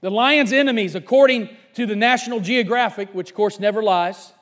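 Fervent pastor, very high voice for a man, preaching hard, then dropping to quiet asides. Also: a little fast. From Covington, Kentucky, USA. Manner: fervent preaching, swinging from shouts to low asides. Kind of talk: sermon.

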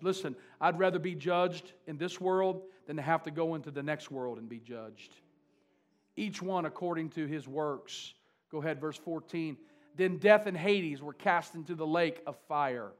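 A preacher man with a somewhat high voice. He leans hard on emphasis, repeating words over and over to hammer his point home in full sermon delivery. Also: normal speed. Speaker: pastor.

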